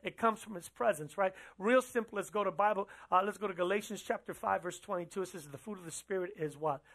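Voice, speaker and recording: Pastor preaching in church, chatty, keeps asking the crowd stuff and repeating lines, middle pitch. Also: fast, fairly bright tone. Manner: conversational, asks the audience questions; repeats phrases for emphasis. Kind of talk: sermon.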